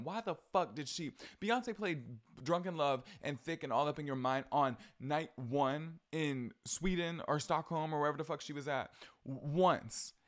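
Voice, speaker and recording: Man, podcast host, casual pop culture chat, rambling, gushing, cursing, mid-pitched. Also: a bit bright. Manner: gushing, rambling, swears freely.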